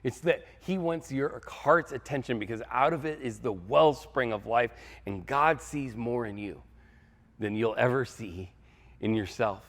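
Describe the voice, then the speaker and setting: A man's voice: medium pitch, measured pace. A male pastor preaching a sermon in a conversational, emphatic style, repeating key phrases for effect.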